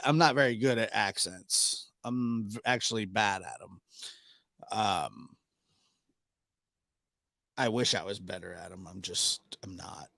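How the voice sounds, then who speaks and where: A man hosting a live stream in a relaxed, chatty way, greeting viewers and reading out where they are tuning in from. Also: on the low side, vocal fry, no room sound, studio quality. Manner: relaxed, chatty, reads out viewer names and places. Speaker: livestream host. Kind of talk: casual live-stream chat. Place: home studio in the Pacific Northwest.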